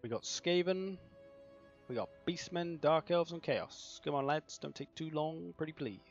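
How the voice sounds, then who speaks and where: Male streamer, wry and chatty, gravelly voice, lo-fi home mic with faint music. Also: on the high side, measured pace. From southern England. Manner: joking, chatty, self-mocking. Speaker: streamer hosting a game tournament. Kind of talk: casual livestream chat.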